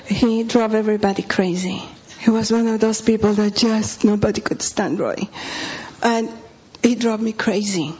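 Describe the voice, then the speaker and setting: A woman's voice: medium pitch, moderate pace, a little mellow, breathy edge. A woman pastor preaching with humorous, confessional stories, often dropping to a whisper. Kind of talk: sermon storytelling. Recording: dull lo-fi recording.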